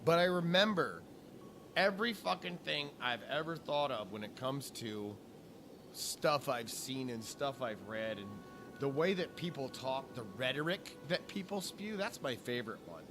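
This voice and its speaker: A man ranting in a casual vlog, swearing constantly and jumping between topics with animated energy. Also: medium pitch, a little slow, noisy background. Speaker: vlogger. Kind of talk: profane casual rant. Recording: clear music playing behind.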